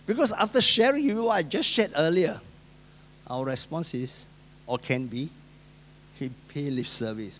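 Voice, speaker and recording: A male pastor with a Singaporean English accent preaching a sermon, swinging between loud emphasis and soft asides, acting out the voices of people he quotes. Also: a little high, lively intonation, moderate pace, pauses often, slight background noise.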